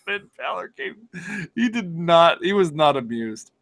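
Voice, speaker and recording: A man co-hosting a casual sports podcast, excitable and sarcastic, swearing and laughing as he talks. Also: on the high side, measured pace, vocal fry. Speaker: podcast co-host.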